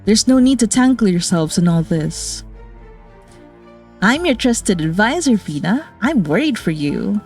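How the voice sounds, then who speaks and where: A woman's voice: unhurried, breathy edge, faint music behind. Woman streamer reading a game story. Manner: reads character dialogue in a plain voice, breaks off into excited high-pitched reactions.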